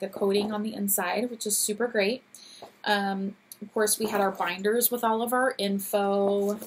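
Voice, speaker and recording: A woman in her thirties hosting her own show, chatting casually and gushingly, her voice a little scratchy. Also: medium pitch. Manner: chatty, gushing, laughs often. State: teary. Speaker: podcast host. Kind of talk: casual chat.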